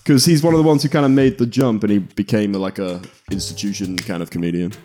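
A young man co-hosting a casual comedy podcast, laughing often and telling animated stories. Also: fairly low pitch, fast, a little hiss or hum. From Britain. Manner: laughs a lot, animated storytelling with put-on character voices. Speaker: podcast co-host.

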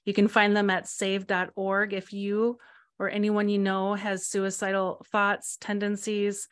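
A woman's voice: mid-range voice, completely flat delivery, unhurried, clear, resonant tone. A woman with a mid-range voice hosts a casual podcast interview. She talks with enthusiasm and prompts her guest to tell his stories. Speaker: podcast host.

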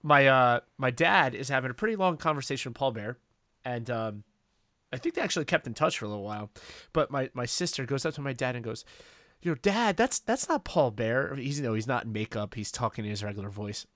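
A man's voice: mid-range voice, quick pace, bright, forceful tone, no room sound, studio quality. A man co-hosting a wrestling podcast, chatting casually and telling a long story with many fillers and restarts. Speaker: podcast co-host. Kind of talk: casual chat.

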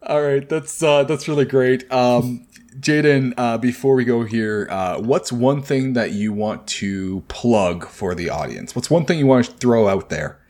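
A man hosting a podcast interview, asking brisk quick-fire questions. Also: medium pitch, a little mellow. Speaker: podcast host. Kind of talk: casual interview.

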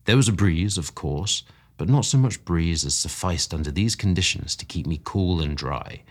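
A man reading a classic story aloud in a measured, expressive narration. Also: sits low. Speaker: story reader. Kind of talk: audiobook narration.

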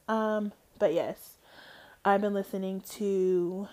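A woman's voice: mid-range voice, slow, mellow. Chatty woman hosting a podcast. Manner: chatty and enthusiastic, frequent ums. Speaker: podcast host. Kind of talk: casual solo podcast chat.

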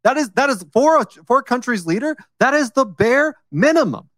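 A man co-hosting a casual political podcast, talking in an animated way, swearing and mocking what others say. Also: extremely high pitch, a little fast, no room sound, studio quality. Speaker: podcast co-host.

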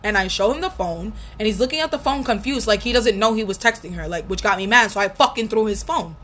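A woman's voice: mid-range voice, fast talker. Candid young woman telling a breakup story. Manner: candid, profane, animated storytelling. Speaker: vlogger. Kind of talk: casual storytelling. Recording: faint background noise.

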